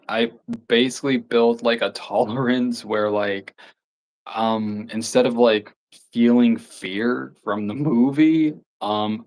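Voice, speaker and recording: A man's voice: mid-range voice, poor audio. A young man hosting a casual livestream, rambling with lots of fillers and frequent laughs as he chats to viewers. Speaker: livestream host.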